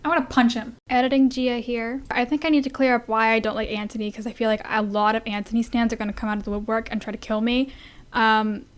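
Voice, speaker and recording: High-voiced, animated young woman vlogger. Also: fast. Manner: animated, exasperated, blunt and sweary. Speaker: vlogger reacting to a TV episode. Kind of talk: casual reaction vlog.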